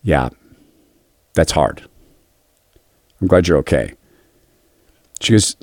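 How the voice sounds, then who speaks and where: A man's voice: very deep voice, lively intonation, takes it slowly, pauses often, no room sound, studio quality. A middle-aged man hosting a devotional radio talk, telling a personal story in an earnest, confessional way. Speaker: radio host.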